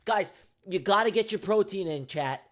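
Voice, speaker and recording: A man's voice: sits high, animated, moderate pace, a bit bright, slight background noise. A man streaming his live day trading, talking casually and emphatically to his chat with slangy, repetitive banter and jokes. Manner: slangy, emphatic, repeats himself; jokey banter with viewers.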